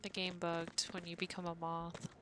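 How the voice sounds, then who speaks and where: Woman, Southern US accent, young adult, chatty game streamer, lowish voice, music in the background. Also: monotone, normal speed. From Southern United States. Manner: chatty, answering chat messages aloud. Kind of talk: casual live-stream chat. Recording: music playing behind the voice.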